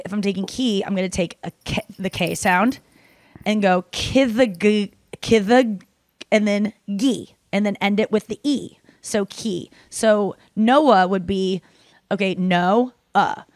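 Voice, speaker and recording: A woman's voice: medium pitch, no echo. Rambling woman hosting a chat podcast. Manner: rambling, full of "like" and "um", swears casually. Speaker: podcast host. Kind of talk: casual chat. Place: hotel room.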